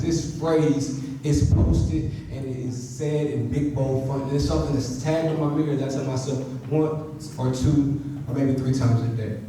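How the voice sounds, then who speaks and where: Man, motivational speaker, energetic, echoey hall, distant mic, audible noise. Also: fairly high pitch. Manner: energetic, calls the audience to chant along. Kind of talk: motivational talk to students. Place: university hall.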